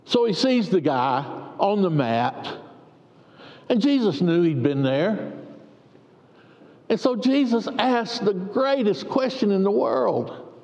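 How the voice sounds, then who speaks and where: A man preaching a sermon, telling stories in a folksy way with long pauses. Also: high-pitched, lively intonation, darkish tone. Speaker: pastor. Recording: dull echoey hall recording.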